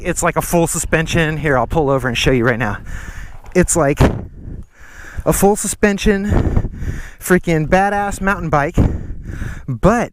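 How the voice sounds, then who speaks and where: A man's voice: fairly high pitch, noisy background. A man out of breath, vlogging casually while riding a trail, rambling and slangy. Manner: slangy and rambling, says dude and freaking. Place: outdoor trail.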